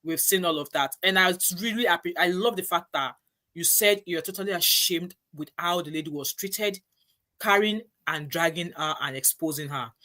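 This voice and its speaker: A woman's voice: lowish voice, moderate pace, pushed and bright. A woman hosting a casual panel chat, emphatic and repeating herself. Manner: emphatic, repeats herself, rises when stirred. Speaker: host.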